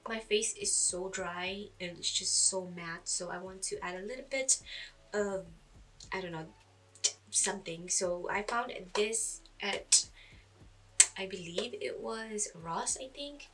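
A woman talks through a casual makeup tutorial in a bright, sharp-edged voice, chatty and self-deprecating, pausing on fillers as she thinks. She sits a little back from the microphone, so she sounds slightly distant. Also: mid-range voice, a little hiss or hum. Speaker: beauty vlogger.

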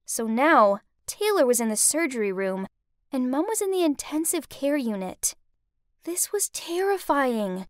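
A woman narrating an animated story in the first person with heartfelt, emotional storytelling. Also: sits high, no echo, studio quality.

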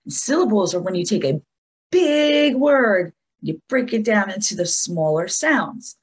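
A woman teacher giving an encouraging lesson to young children, talking to them in an animated way. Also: mid-range voice, measured pace, slightly rough.

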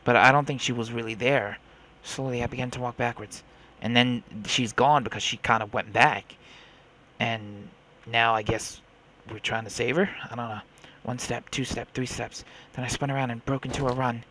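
Over game music, a male let's play host dramatically reads the game's story text and tosses in his own commentary. He has a bright, forceful, medium-pitched voice with fairly even intonation at a normal speed.

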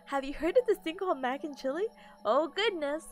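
A woman's voice: sits high, animated, quick pace, a little mellow, soft background music. A sleepy woman streamer chatting casually with her viewers, giggling often and greeting people in chat.

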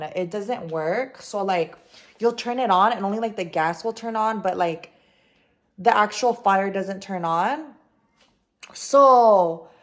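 A young woman vlogging in her home kitchen, telling a story in an animated, casual way with lots of swearing and "like". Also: mid-range voice. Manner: animated, swears freely, heavy use of "like".

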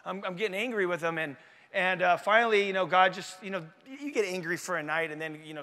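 A man with a high, bright voice tells a sermon as a story at a conference. His talk is casual and full of slang, and he acts out what he said in the past. His voice rings through the long reverb of a large hall. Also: fast talker. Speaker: conference speaker.

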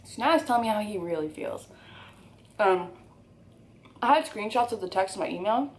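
A woman's voice: mid-range voice, lively intonation, normal speed. A young woman in her twenties telling an emphatic, candid story to camera for her channel while eating at home. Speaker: YouTuber.

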